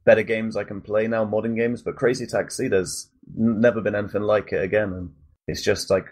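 A man's voice: lowish voice, level tone, brisk, darkish tone. A man co-hosting a podcast in casual chat, telling stories with constant fillers. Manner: anecdotal, heavy use of fillers like "like". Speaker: podcast co-host.

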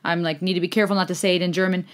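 A young woman hosting a music reaction vlog, talking straight to her viewers in an effusive, excited way, thinking aloud and laughing often. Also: fairly low pitch, racing. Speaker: music reaction channel host.

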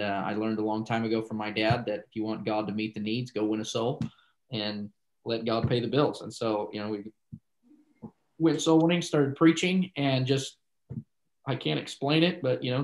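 A man's voice: fairly low pitch, rough recording. A man, a pastor, telling a story in a casual interview, rambling with many asides and acting out the dialogue he quotes.

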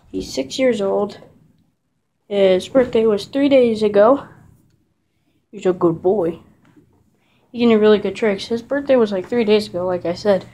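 A woman vlogging casually in her living room, chatting and rambling while holding the camera in one hand. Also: medium pitch. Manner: chatty, rambling, breaks off to scold the dog loudly. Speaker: vlogger showing her dog. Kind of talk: casual home vlog. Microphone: handheld camera, filmed one-handed.

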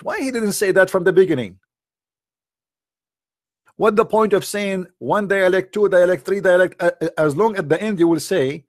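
A man's voice: high-pitched, animated, normal speed, no room sound, studio quality. Sarcastic man firing rhetorical questions. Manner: non-native broken English grammar. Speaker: religious debater. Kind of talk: live-streamed polemic talk.

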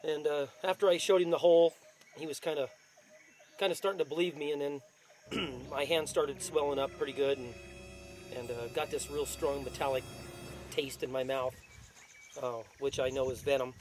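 A man's voice: on the high side, steady tone, moderate pace, music in the background. A man casually telling the story of his rattlesnake bite in an interview, rambling with many fillers. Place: outdoors in the desert.

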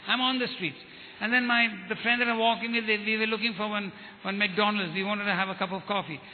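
High-voiced man preaching in a hall. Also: steady tone, fast talker, a little hiss or hum. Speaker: evangelist. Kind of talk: testimony sermon. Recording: tinny phone-like sound with hall reverb.

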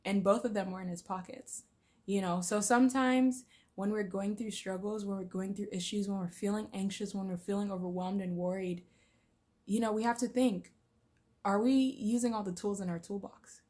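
A woman giving a casual devotional talk on faith and anxiety to her viewers, earnest and emotional, at times tearful, ending in prayer. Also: mid-range voice. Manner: earnest, emotional, with fillers and soft laughs. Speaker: Christian vlogger.

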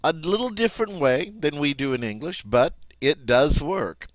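A man's voice: a little high, expressive, normal speed, no room sound. A man teaching a French grammar lesson, emphatic and repeating "all right" often.

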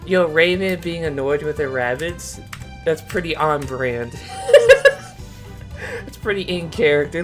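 A woman giving excited reaction commentary, tearful and hoarse, shrieking, laughing and swearing. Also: sits low, unhurried, long pauses, music in the background. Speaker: reaction video creator.

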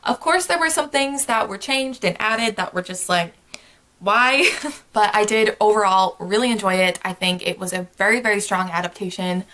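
A woman's voice: medium pitch, normal speed, fairly bright tone. A young woman vlogger chatting casually about her month, gushing and bubbly, laughing often between thoughts. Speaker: book vlogger. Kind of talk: casual monthly wrap-up chat.

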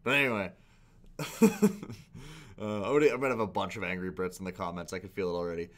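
A man's voice: low voice, fairly even intonation, a little fast, a bit bright. A man hosting a reaction video, talking casually with rambling asides and frequent laughs. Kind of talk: casual commentary.

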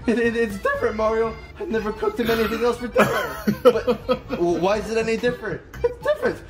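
A man's voice: high-pitched, big pitch swings, fast, music in the background. A man voicing a frantic, complaining adult male puppet chef in a comedy puppet show. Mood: panicking. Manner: whiny, panicky, complaining.

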